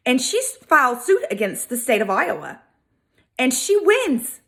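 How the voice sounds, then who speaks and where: A woman with a Southern US accent hosting a video, telling a history story in a casual, animated, sassy way. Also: high voice, a little slow. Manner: animated, chatty, sassy asides. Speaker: video host.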